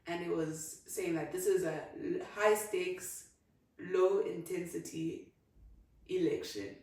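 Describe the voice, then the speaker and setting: A woman's voice: lowish voice, darkish tone, far from the mic. Young South African woman, casual vlog vent, rambling, mixes languages, voice set back from the mic in a very echoey room. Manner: rambling, switches between languages mid-sentence. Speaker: vlogger.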